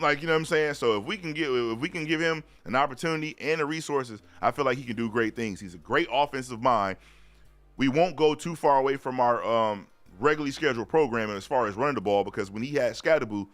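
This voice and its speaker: A man hosting a live-stream sports talk show, chatting loosely in slang, reading viewer comments aloud and shouting out viewers. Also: mid-range voice. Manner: loose slang-heavy chat, repeats "you know what I'm saying".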